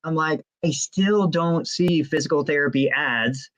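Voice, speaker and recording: A man co-hosting a podcast, talking in a relaxed, conversational way as he describes things plainly. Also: on the high side, a little slow, low-quality recording. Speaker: podcast co-host. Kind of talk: casual podcast discussion.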